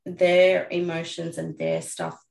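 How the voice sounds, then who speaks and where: A woman's voice: fairly low pitch, very animated, takes it slowly, gravelly, darkish tone. A woman in her thirties, a mother and coach, talking frankly and reflectively as a podcast guest, swearing casually. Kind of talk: candid podcast conversation. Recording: roomy echo.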